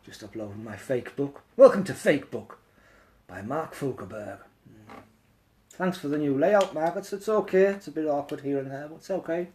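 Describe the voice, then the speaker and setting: A hoarse, croaky man, hosting a casual live stream where he sings loudly and mumbles low asides. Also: expressive, normal speed. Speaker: live streamer singing with guitar.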